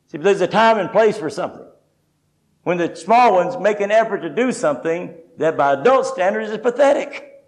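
Older man, preacher, high-pitched voice, folksy humorous testimony, sermon teaching. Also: lively intonation, moderate pace, poor audio.

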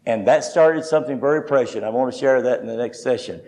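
An older man preaches a sermon fast, his mid-range voice a little mellow on a rough recording. He teaches through personal testimony, telling his own story in a folksy, humorous way.

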